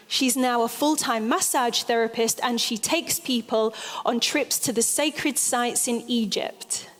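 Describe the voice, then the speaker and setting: A woman giving a stage talk, telling stories in a lively, emphatic way. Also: fairly high pitch. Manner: lively, animated storytelling with emphatic phrasing. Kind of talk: storytelling lecture. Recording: long hall reverb.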